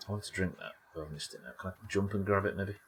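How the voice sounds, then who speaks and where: English guy streaming games, lowish voice, dry jokey banter with chat, swears a lot. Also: fast, slightly rough. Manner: wry, sweary, chatting to viewers while playing. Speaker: game streamer. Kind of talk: casual live gameplay commentary.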